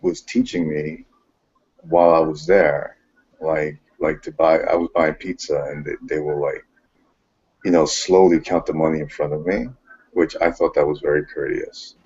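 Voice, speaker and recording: A man with a very deep, gravelly and husky voice. He chats casually and hesitantly, filling his pauses with ums and restarting his sentences. The recording is dull and lo-fi. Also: steady tone, darkish tone. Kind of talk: casual chat.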